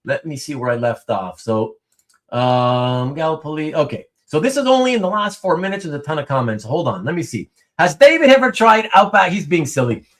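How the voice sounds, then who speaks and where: A man hosting a casual live-stream chat, talking in an animated way, with frequent stammers and repeated words. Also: on the high side, brisk. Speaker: host.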